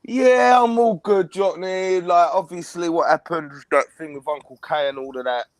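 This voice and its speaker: A man's voice: sits high, moderate pace, dry recording. Chatty man telling a story. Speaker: live stream guest. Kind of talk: casual chat.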